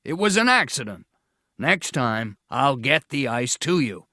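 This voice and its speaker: A man voicing a stubborn, forceful father in a storybook reading, speaking emphatically and commandingly. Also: medium pitch, sing-song, unhurried, no echo, clean studio sound, full character voice. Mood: insistent.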